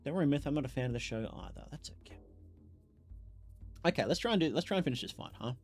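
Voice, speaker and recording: Lively, chatty male game streamer. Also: mid-range voice, fast talker, faint music behind. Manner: chatty, reacts loudly with exclamations and laughs. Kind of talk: casual live game commentary.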